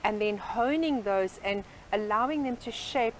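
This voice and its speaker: A woman's voice: medium pitch, unhurried, a little hiss or hum, low-quality recording. A woman guest on a talk show, a life coach explaining her ideas earnestly with sayings and metaphors. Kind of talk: interview.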